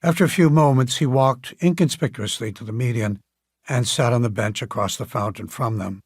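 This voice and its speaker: A man narrating an audiobook in a calm, measured storytelling manner. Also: mid-range voice, slightly rough, no echo, studio quality. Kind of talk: scripted narration.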